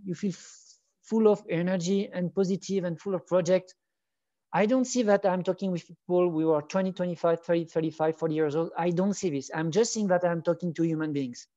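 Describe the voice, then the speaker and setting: A man chats through a rambling, enthusiastic story, often restarting mid-sentence. His voice is warm and mellow. The audio is dry and a bit dull and lo-fi. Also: high voice, dry recording. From France. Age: 40s. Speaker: wedding photographer, guest. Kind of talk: casual interview chat.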